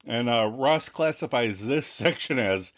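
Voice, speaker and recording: A man co-hosting a podcast, recapping a sitcom episode in casual chat and acting out the characters' lines in high, squeaky voices. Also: expressive, measured pace. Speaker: podcast co-host.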